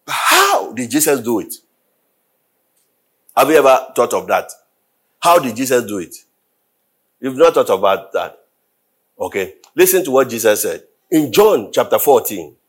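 A man preaching a sermon, repeating questions to his listeners and swelling into loud, drawn-out scripture readings. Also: medium pitch, breathy edge.

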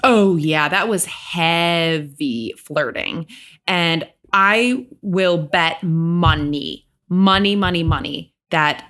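A woman co-hosting a casual TV recap chat, lively and quick to act out the characters' lines. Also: fairly low pitch. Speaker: podcast co-host.

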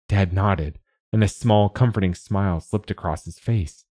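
A man reading a first-person novel aloud in a steady, measured way. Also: low-pitched, dry recording, clean studio sound. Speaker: audiobook narrator. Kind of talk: scripted first-person narration.

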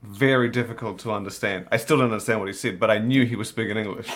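A man's voice: lowish voice, fairly even intonation, fast. A man with a New Zealand accent, co-hosting a podcast in a laid-back, swearing, storytelling way. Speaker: podcast co-host. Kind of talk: casual podcast chat.

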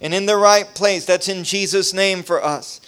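A middle-aged man preaching at a revival, his voice a touch high and clean. He presses his points with rising emphasis, then settles into quieter storytelling. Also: fairly even intonation, moderate pace, smooth, faint music behind. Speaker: pastor. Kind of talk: revival sermon.

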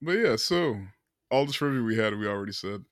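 A man's voice: fairly low pitch, lively intonation, fairly quick. Laid-back man steering a podcast. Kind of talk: casual movie review chat.

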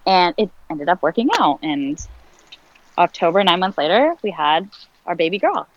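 A woman's voice: fairly low pitch, lively intonation, normal speed, dry recording, highs cut off. A woman in her late twenties telling a personal story in conversation, candid and full of fillers, acting out the lines of others. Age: 20s. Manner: candid, filler-heavy, reenacts dialogue. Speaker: guest.

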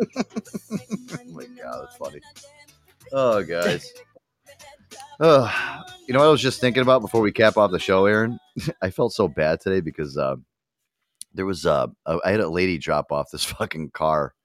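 A man's voice: low-pitched, very animated, moderate pace, pauses often, faint music behind. A man hosting a podcast, telling stories in casual, profane banter and laughing often. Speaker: podcast host.

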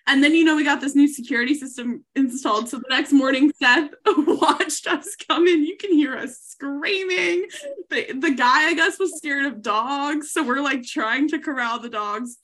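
A woman co-hosting a casual chat podcast, telling a rambling story with frequent laughter and easy swearing. Her voice sits high and sounds bright and forward. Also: normal speed. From Savannah, Georgia. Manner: chatty storytelling, laughs often, swears freely. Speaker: podcast co-host.

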